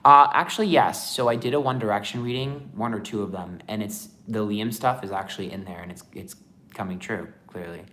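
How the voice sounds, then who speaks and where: A man's voice: lowish voice, a little fast, sharp tone. A man chatting casually on a livestream as a tarot reader, rambling with lots of fillers.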